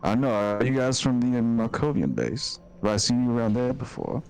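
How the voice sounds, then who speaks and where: A man voicing a defensive young man with no memory, talking gruff and streetwise in a tabletop game. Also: mid-range voice, lively intonation, brisk, darkish tone, soft background music. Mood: confused. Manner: gruff, streetwise, mildly profane. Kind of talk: tabletop role-play.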